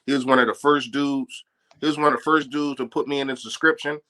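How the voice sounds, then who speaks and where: Fired up sports stream guy, says man a lot, sharp bright voice. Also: medium pitch, steady tone, fast. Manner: emphatic, repeats himself, says man a lot. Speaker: co-host of a fan sports stream. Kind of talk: casual sports chat.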